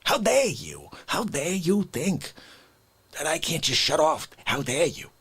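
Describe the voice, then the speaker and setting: A man performing an excitable, indignant comic alter ego in an improvised rant, jumping from shouts to husky whispers. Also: unhurried, heavily acted. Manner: wildly swinging pitch, shouting then whispering. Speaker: comedy character.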